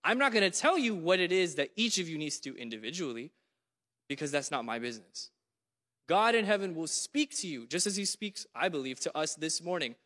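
A man preaching a sermon in a church, lively and dramatic, acting out what God says. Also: fairly high pitch, brisk, in a large hall. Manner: animated, voices God in dramatic quotes.

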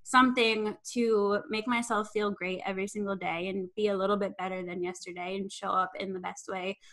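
Young woman, fitness coach guest, upbeat, encouraging, mid-pitched voice. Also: fairly even intonation, brisk, a bit bright, poor audio. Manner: upbeat, encouraging, frequent "um" and "you know". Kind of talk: conversational interview.

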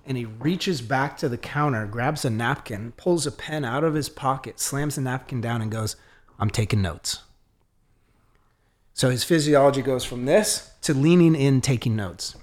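As a guest on a podcast, this man recounts a story in a laid-back way, performing the dialogue of its characters with plenty of fillers and false starts. His medium-pitched voice moves at a moderate pace with few pauses.

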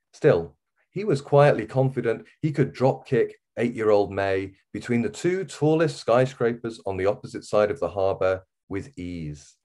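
A man with a Wirral accent reading his own short story aloud in a measured, steady way. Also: on the low side. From England. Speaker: guest author.

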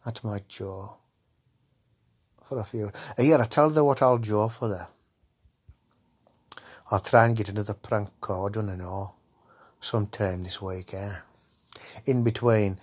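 With a lowish, breathy voice, this podcast host speaks a little slowly, leaving long pauses. It's a casual comedy monologue, rambling and crude, heavy on swearing, with "eh?" tacked onto his lines.

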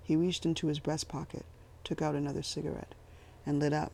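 Gravelly male storyteller, steady and flat in pitch. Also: brisk. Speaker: audiobook narrator. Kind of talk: scripted narration.

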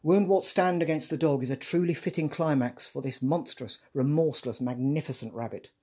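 A man hosting a podcast, reading a scripted analysis in a measured, articulate way. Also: fairly high pitch. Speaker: podcast host. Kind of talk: scripted book analysis narration.

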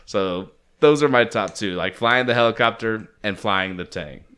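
A man's voice: lowish voice, moderate pace, fairly bright tone, clean tone. A man co-hosting a podcast, chatting casually about a film, laughing often and trailing off into mumbles. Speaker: podcast co-host. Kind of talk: casual movie chat.

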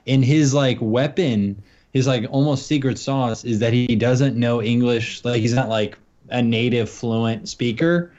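A man's voice: mid-range voice, a little slow, darkish tone. A man co-hosting a comedy podcast over a video call, chatting casually in a loose, rambling way with lots of laughs. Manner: laughs often, loose rambling delivery with many fillers. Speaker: podcast co-host. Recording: dull lo-fi call audio.

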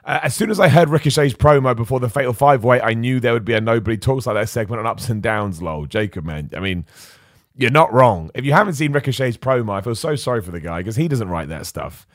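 A man's voice: mid-range voice, lively intonation, quick pace, no echo. Chatty man with dry close sound. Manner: chatty, opinionated, stumbles and repeats words. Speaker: podcast host. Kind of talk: casual wrestling chat, reading super chats.

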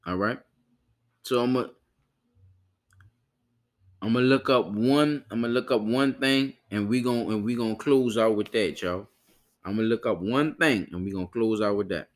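A man hosting a podcast in loose, profane casual chat, often repeating himself to listeners. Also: on the low side. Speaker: podcast host.

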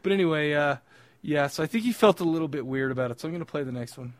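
A young adult man with a fairly high voice co-hosts a podcast. He rambles and laughs through crude, casual banter, close to the mic in a dry room. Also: rapid-fire, dry recording. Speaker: podcast co-host. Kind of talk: casual chat.

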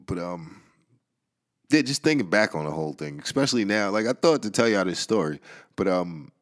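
A man's voice: low voice, lively intonation, normal speed. A man hosting a solo podcast, rambling casually with a Georgia accent, swearing and laughing often as he talks. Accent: Southern US, Georgia. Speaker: podcast host.

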